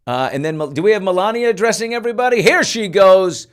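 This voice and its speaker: A man's voice: high-pitched, animated, fast, clear, resonant tone. A middle-aged man hosting a podcast, commenting casually with lots of fillers and an incredulous tone. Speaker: podcast host.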